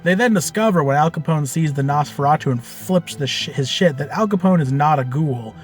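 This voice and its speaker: A man telling the story of a tabletop game he ran as game master, in a loose, animated way with lots of fillers and casual swearing. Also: a little high, fairly quick, faint music behind.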